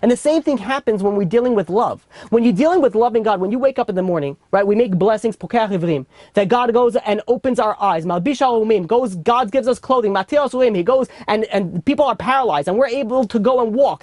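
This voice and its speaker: A man's voice: extremely high pitch, darkish tone, no room sound, studio quality. A man with a New York accent teaching an informal Torah class in a casual, chatty way full of fillers and restarts. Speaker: rabbi teaching a weekly class.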